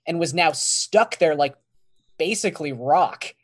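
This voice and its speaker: A man chatting on a podcast in a measured, dryly teasing way. He lays out his points patiently and pokes gently at the others. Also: a little high, lively intonation. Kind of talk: casual chat.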